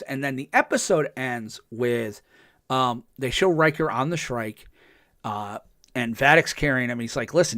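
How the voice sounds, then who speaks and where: A man hosting a podcast, recapping a TV episode in a casual, excited way, full of ums and restarts and acting out the characters' lines. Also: medium pitch, dry recording, clean studio sound. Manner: chatty, with frequent ums and restarts. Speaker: podcast host.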